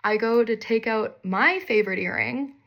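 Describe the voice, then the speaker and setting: A woman's voice: fairly high pitch, normal speed, muffled recording. A young woman telling a candid, wry personal story in a casual monologue, swearing freely and poking fun at herself.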